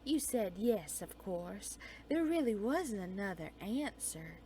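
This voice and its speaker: Slow, soft-spoken woman storyteller. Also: medium pitch, sing-song, slight background noise. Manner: slow, soft, dreamy delivery that drops into whispers. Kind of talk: reading a dark romance story aloud.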